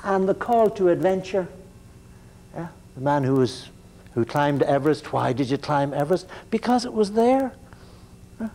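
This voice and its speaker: A man's voice: fairly high pitch, moderate pace, warm tone. A man giving a classroom lecture in a digressive, joking, conversational way.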